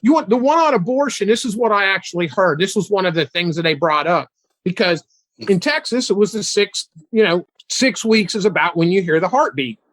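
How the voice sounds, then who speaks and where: A man in his sixties, a guest on a political talk show, animated and mocking as he talks. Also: brisk, dry recording. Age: 60s. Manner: animated, mocking, mimics opponents in high voices.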